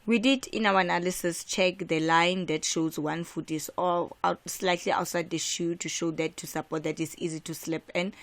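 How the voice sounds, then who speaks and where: A woman from South Africa teaching an exam revision lesson, emphatic and repetitive, with frequent restarts. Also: on the low side. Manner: emphatic, repeats key points, frequent filler restarts.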